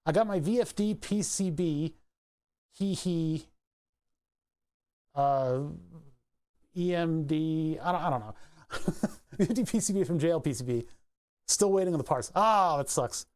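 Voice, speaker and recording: A man with a Philadelphia accent talks through a casual livestream, wandering from topic to topic with easy laughs. His voice sits a little high for a man. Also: a little slow, long pauses, darkish tone. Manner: rambling, chatty, laughs easily. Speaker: streamer.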